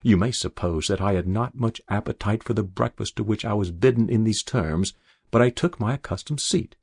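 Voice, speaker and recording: Male audiobook narrator, low, gravelly, husky, dry close read, measured storytelling. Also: darkish tone, no room sound. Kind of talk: scripted literary narration.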